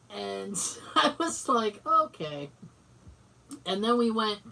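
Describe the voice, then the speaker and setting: Bright-voiced woman telling a story, off-mic. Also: on the high side, slow, vocal fry, a little hiss or hum. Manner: acts out quoted dialogue, swears casually. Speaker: podcast co-host. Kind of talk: casual storytelling chat. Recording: voice distant from the mic.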